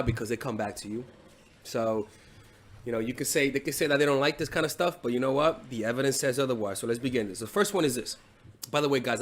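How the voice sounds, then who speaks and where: A man giving dating advice as a coach in a casual monologue, blunt and profane, with frequent restarts and "right?" tags. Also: medium pitch.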